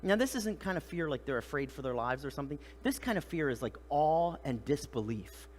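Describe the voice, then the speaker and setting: Middle-aged guy preaching in church, high voice, bounces all over, keeps asking the crowd stuff and acts out the characters. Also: brisk, big-room sound, slight background noise. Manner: animated, acts out voices of the disciples and Jesus; conversational, asks the congregation rhetorical questions. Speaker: pastor. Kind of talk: sermon. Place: church sanctuary.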